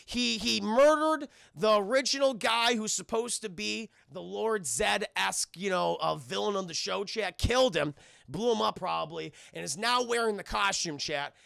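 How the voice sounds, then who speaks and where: A man's voice: high voice, normal speed, vocal fry, a bit bright, no echo, clean studio sound. A young man streaming a casual film recap, swearing freely and rambling as he keeps talking to his live chat.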